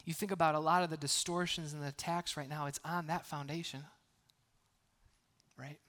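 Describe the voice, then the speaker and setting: A man preaching in a fairly high voice, talking to the congregation as if in conversation. He falls to near whispers on tender lines and then rises into loud, emphatic bursts, with light jokes between earnest points. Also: steady tone, normal speed. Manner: conversational, with frequent restarts and asides; swings from hushed, almost whispered passages to loud emphatic bursts. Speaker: pastor. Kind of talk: sermon.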